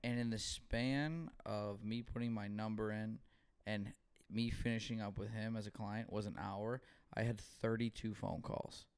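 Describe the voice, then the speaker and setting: A man's voice: lowish voice, fairly even intonation, unhurried, few pauses, smooth. A young man co-hosting a podcast, telling stories in casual chat with lots of swearing and acted-out dialogue. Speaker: podcast co-host.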